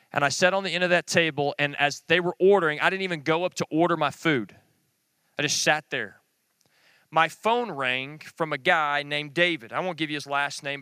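A middle-aged man, teaching a men's group in an earnest, plain-spoken sermon with quick short phrases. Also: on the high side, bright, forceful tone, clear, resonant tone, no echo. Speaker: Bible teacher.

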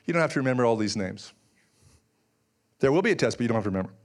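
A man's voice: medium pitch, expressive, racing. A man preaching as pastor, retelling scripture in a casual way with filler words and dry humorous asides. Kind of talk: sermon.

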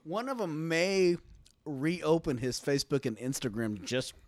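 A man's voice: on the high side, unhurried. A man co-hosting a podcast in casual chat, swearing casually and laughing along. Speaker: podcast co-host.

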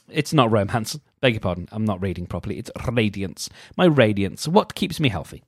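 Casting: wry podcast host, male, lively swooping delivery, self-mocking, close dry mic. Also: medium pitch, no echo. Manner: wry, self-deprecating, halting with restarts. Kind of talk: casual solo podcast, reading aloud and commenting.

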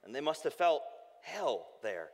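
A man, preaching a sermon with animated storytelling that turns soft and hushed when he reflects. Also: fairly high pitch, unhurried, big-room sound. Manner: animated storytelling, shouting when acting out calls. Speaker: pastor.

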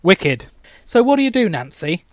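A young man reading as a loud, clueless British lad. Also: sits high, sing-song, normal speed, no room sound. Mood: chirpy.

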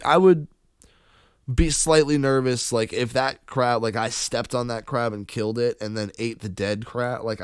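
Male podcast host, crude jokey banter, smooth clear tone, dry close sound. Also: mid-range voice, no room sound. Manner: crude, joking, laughs often.

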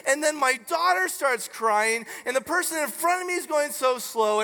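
A preacher giving a sermon, telling a personal story in an animated way that grows loud and emphatic. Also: high-pitched, unhurried, hardly any pauses, long reverb tail.

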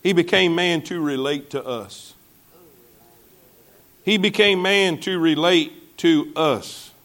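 High-voiced preaching pastor, drawl. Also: male voice, slow pace, fairly bright tone. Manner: preaching with call-and-response asides to the congregation. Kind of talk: sermon.

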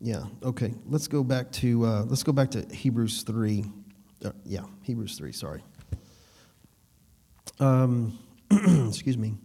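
A man's voice: medium pitch, unhurried, long pauses, warm tone, breathy edge. A man preaching a sermon in a conversational way, laughing between points and asking the room if they follow. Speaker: pastor.

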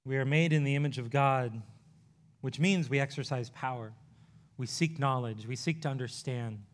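A male pastor preaching a sermon in an earnest, conversational way, rushing through some phrases and slowing on others. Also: medium pitch. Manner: earnest, conversational preaching with quick bursts and pauses.

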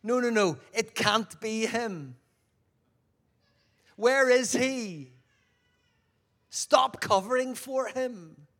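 Brief: a man as a brusque Roman soldier in a retold scene, impatient and insistent, fairly high voice. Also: drawn-out words, pauses often, fairly bright tone, heavily acted.

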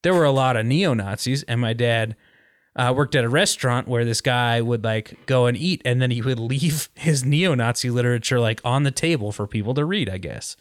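A man spinning a rambling story on a podcast, full of likes and ums. His voice sits at a middle pitch and is recorded close and dry, with no room sound. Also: normal speed, no echo. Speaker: podcast host. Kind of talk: casual podcast chat.

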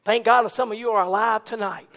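High-voiced fervent Pentecostal preacher man. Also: steady tone, fast. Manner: fervent, builds from low conversational talk to shouted preaching. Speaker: pastor. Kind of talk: Pentecostal sermon.

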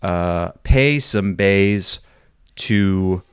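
A man co-hosting a podcast in casual chat, teasing his co-host in a deadpan way. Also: sits low, extremely slow, clean tone, dry recording, clean studio sound.

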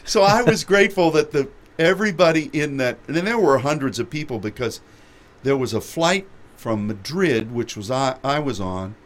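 A man hosting a radio show, telling a lively travel anecdote with laughter. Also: medium pitch, moderate pace. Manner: animated anecdote with frequent laughter. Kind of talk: storytelling chat.

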